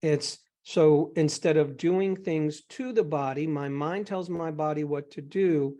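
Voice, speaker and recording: A man with a slightly raised voice coaches a guest through a session. He talks gently and reassuringly, walking through one example after another. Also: on the high side, measured pace. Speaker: host and eating psychology coach.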